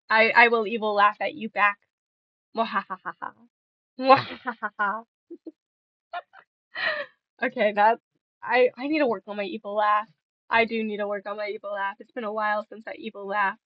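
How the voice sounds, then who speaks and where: A woman's voice: mid-range voice, steady tone, normal speed, no echo. Giggly young woman streamer, muffled mic. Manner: playful, giggly, rambling. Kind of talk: casual chat with viewers.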